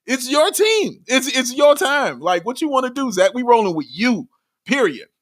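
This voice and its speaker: A man co-hosting a sports podcast in casual chat, excitable and emphatic, often laughing. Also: very high voice, moderate pace, a little hiss or hum. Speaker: podcast co-host.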